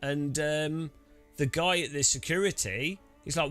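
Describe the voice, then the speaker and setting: A man's voice: a little high, unhurried, fairly bright tone, faint music behind. A British man chatting casually while setting up racing gear, rambling with many restarts. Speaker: sim racing streamer.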